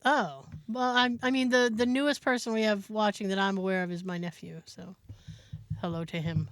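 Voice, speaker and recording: A woman co-hosts a podcast, telling a story in casual conversation and animatedly acting out what other people said. Her voice sits at a medium pitch and moves at normal speed, captured in a dry, studio-quality recording.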